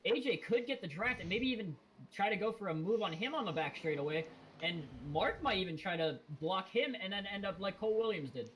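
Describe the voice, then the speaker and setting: A male sim racing commentator with a fairly high-pitched voice. He talks casually, rambling with fillers and self-corrections. A faint hiss sits behind his voice. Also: lively intonation, a little fast, fairly bright tone, low-quality recording. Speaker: race commentator.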